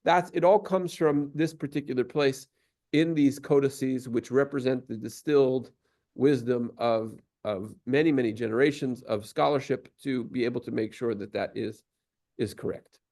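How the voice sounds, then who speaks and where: A man's voice: mid-range voice, moderate pace, darkish tone. A man teaching a class, explaining at length with many fillers and restarts and taking questions.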